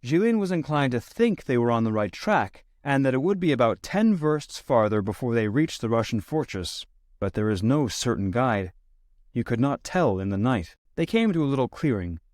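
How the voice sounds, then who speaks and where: A man narrating a classic short story as an audiobook reader, steady, lifting his voice for quoted lines. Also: mid-range voice, moderate pace, dry recording, studio quality. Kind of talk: scripted narration.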